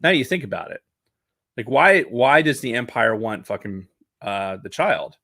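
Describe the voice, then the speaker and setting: A man's voice: medium pitch, big pitch swings, sharp tone, no echo. A man co-hosting a podcast in casual chat, rambling with restarts and frequent swearing. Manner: rambling, profane, halting restarts. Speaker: podcast co-host.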